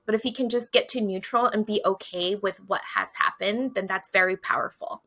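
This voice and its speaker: A woman's voice: medium pitch, a little fast, bright, forceful tone. A woman guest on a podcast, telling stories with animation and acting out her own quoted feelings. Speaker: podcast guest, tarot deck author. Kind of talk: casual spiritual conversation.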